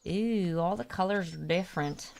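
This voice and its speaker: Her voice is lowish, gravelly, and darkish in tone, moving at a normal speed. A young woman livestreaming a game, she chats casually, loses focus now and then, answers viewers by name, and playfully hums nonsense sounds.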